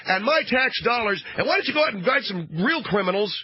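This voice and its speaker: A man voicing an indignant businessman who rants and complains loudly. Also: sits high, sing-song, fairly quick, husky, voice pushed up, full character voice. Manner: ranting, complaining at the top of his voice. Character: indignant loud middle-aged businessman. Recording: dull lo-fi radio sound.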